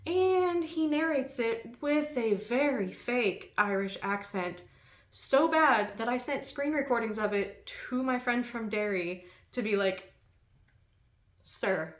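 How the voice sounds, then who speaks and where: A woman's voice: on the high side, measured pace. Woman book vlogger, casual and chatty, laughs a lot, echoey room. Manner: chatty, laughs often, many ums. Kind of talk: casual chat.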